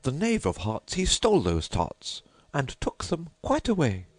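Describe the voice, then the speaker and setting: A man voicing the White Rabbit, a fussy, anxious male herald who calls out in a shrill, hurried way. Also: wildly swooping pitch, no echo, full character voice. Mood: chanting.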